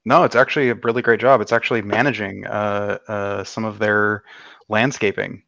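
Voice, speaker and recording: A man's voice: lowish voice, steady tone, moderate pace, gravelly, a bit bright, dry recording, muffled recording. A man on a panel stumbling over his words while playfully needling another guest. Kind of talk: casual panel chat.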